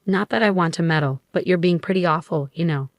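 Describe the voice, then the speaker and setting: A woman's voice: on the low side, a little fast, no room sound, natural voice. A woman reading the lines of a disdainful older mother-in-law in a storybook tale. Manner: disdainful, sighing.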